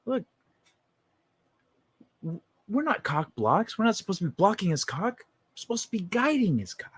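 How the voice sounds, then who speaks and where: A man voicing a bossy male cop who hushes his partner in an urgent, profane way. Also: high voice, very animated, moderate pace, slightly rough, pitched above the performer's own voice, heavily acted.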